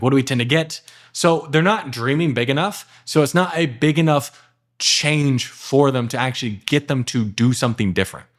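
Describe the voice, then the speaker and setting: A fairly high-pitched man coaching salespeople in a loose, punchy way, peppering his talk with "like" and "okay". He jumps into short acted-out exchanges with prospects, then snaps back to instruction. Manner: energetic, emphatic, acts out sales dialogue with many "like" and "okay" fillers. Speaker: sales trainer. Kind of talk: casual instructional talk to camera. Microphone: at a computer.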